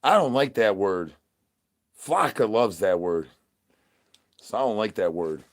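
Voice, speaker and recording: A young man rambling through goofy, nonsensical livestream banter full of slang, swinging between loud hype and low mumbling. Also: lively intonation, a little slow. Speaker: streamer in costume.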